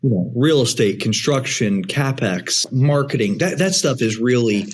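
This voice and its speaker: A man in his forties, a guest on a business podcast, talking casually and telling animated stories that he laughs through. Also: medium pitch, unhurried, a little hiss or hum. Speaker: podcast guest, franchise executive.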